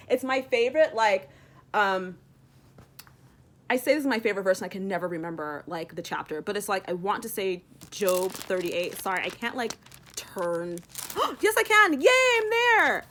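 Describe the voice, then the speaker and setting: A young woman in a casual devotional vlog, rambling and animated, using "like" constantly as she retells a story. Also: medium pitch, normal speed, a little hiss or hum. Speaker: Christian vlogger.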